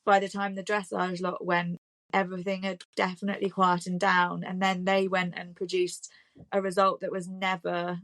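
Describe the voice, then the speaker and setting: A woman's voice: fairly low pitch, completely flat delivery, moderate pace, a bit bright, no echo. A British woman, an Olympic rider, chatting reflectively as a podcast guest with frequent ums and restarts. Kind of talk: casual chat.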